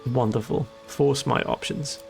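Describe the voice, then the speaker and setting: Streamer guy, gravelly voice, joking and rambling thru the game, bit of music behind. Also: medium pitch, steady tone, a little slow, a little mellow. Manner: joking, rambling, self-amused. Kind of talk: casual let's-play commentary.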